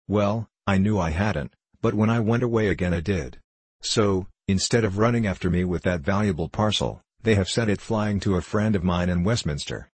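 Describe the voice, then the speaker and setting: A gentle, vague little priest who explains things slowly and simply, with an apologetic air, as a man reads him. The voice is low and husky, recorded dry and close. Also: no room sound. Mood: mild. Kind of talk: audiobook character reading.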